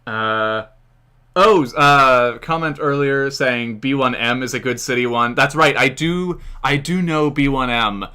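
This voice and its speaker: American male channel host, casual live Q&A, filler-heavy, crisp bright voice. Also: mid-range voice, a little slow. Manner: rambling, many fillers, chuckles often. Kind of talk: casual live-stream Q&A chat.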